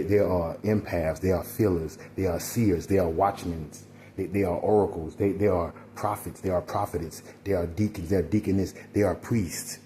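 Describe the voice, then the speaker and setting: Deep-voiced man preaching casually. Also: warm tone, a little hiss or hum. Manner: preachy, rambling, addresses listeners as y'all. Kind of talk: casual spiritual monologue.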